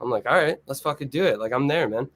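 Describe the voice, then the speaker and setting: A young man telling a story on a podcast as a guest musician, profane, excited and rambling. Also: medium pitch, fast talker. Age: young adult. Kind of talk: casual chat, storytelling. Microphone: video or remote mic, quiet at first.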